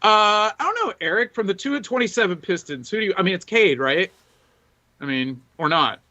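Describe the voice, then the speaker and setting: A man's voice: high-pitched, very animated, brisk, pushed and bright, dull audio. A man co-hosting a sports podcast, telling long rambling anecdotes full of fillers and restarts. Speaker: podcast co-host. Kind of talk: casual chat, storytelling. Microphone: desk mic, reads chat from screen.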